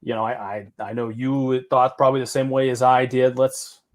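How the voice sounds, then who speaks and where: A man's voice: mid-range voice, little pitch movement, moderate pace. A man with a Southern accent hosting a casual sports podcast, talking in a laid-back, rambling way with casual swearing. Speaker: podcast host.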